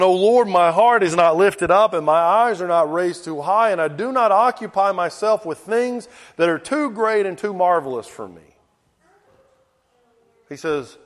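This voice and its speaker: A man preaching a sermon and reading scripture slowly and deliberately, his voice dropping low at the ends of phrases. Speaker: pastor. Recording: long reverb in a hall.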